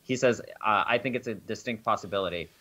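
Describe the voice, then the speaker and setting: A man's voice: fairly low pitch, fast, fairly bright tone. A man co-hosting a podcast in a casual, wry way, reading listener comments, swearing casually and dropping jokey asides. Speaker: podcast co-host.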